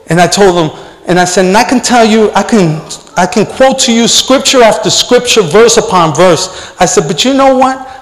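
A man's voice: sits high, normal speed. A man preaching a fervent sermon and telling a personal story, often repeating his words. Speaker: pastor. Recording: long hall reverb.

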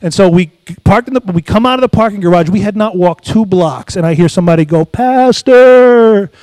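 A middle-aged pastor preaches a sermon in a high, slightly mellow voice at a quick pace, recorded dry. He shares personal stories and uses call-and-response, asking the congregation for amens.

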